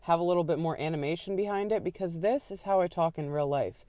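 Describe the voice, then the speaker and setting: A woman hosting a true crime channel, chatting to viewers in a rambling, self-deprecating way before narrating a case in a calmer, soothing delivery. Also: on the low side, fast talker, dry recording. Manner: aims for a calm, sleepy ASMR-like delivery in the story.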